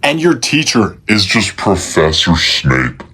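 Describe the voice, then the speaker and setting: A very deep, slightly husky voice tosses in punchlines and profane asides in a comedy sketch. The delivery swings up and down with lively pitch, finishing other people's sentences. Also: slow.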